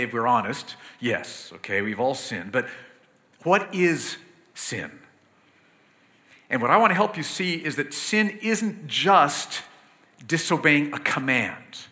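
A man preaching a sermon, explaining scripture earnestly and slowing down to stress key words, swelling to emphatic bursts. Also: fairly high pitch, pushed and bright.

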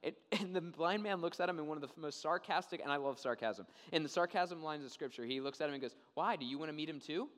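A young man preaching a sermon, telling a story in a casual, animated way and often checking in with "okay?". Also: a little high, fast, hardly any pauses. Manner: animated storytelling, acts out quoted voices. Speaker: pastor. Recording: long reverb of a large hall.

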